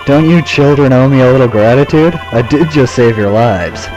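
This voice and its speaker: A man's voice: medium pitch, moderate pace, highs cut off, lightly acted. A man voicing an aloof, sarcastic male archer in a lazy drawl, over game music. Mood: smug.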